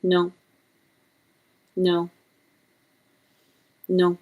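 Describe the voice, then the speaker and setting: A woman giving live-streamed tarot readings, chatty and quick to laugh, cooing at her cat between readings at home. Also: lowish voice, completely flat delivery, phone-quality sound. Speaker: tarot reader.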